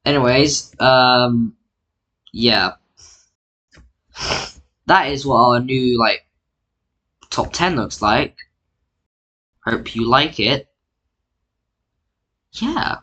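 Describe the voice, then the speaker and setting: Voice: medium pitch, pushed and bright. A mapping YouTuber narrating an alternate history in casual, rambling, self-mocking commentary, full of "like" fillers, sounding tired. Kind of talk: casual screen-recorded commentary.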